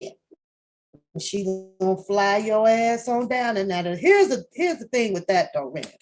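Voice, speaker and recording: Over background music, a woman of medium pitch talks at a measured pace with lively intonation. As host of a reaction channel, she gives rambling, casual commentary on a reality show, full of profanity, frequent laughter and many restarts.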